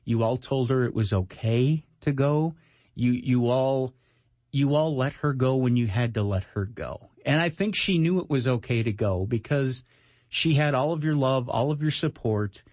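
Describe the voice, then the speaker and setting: A man co-hosting a radio show, reassuring his partner one moment and teasing him with deadpan quips the next. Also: medium pitch, moderate pace, no room sound. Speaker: radio co-host. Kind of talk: candid radio chat.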